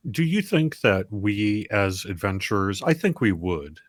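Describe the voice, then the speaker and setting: A man's voice: lowish voice, big pitch swings, a little slow. A man playing a tabletop game, chatting casually with a wry, take-charge manner. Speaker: player.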